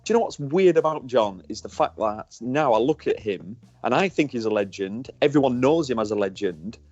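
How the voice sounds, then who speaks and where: A man's voice: mid-range voice, animated, a little fast, a little mellow, no echo, highs cut off. A man in his forties with a northern English accent, a former racer co-hosting a casual podcast, candid and jokey, swearing freely. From northern England.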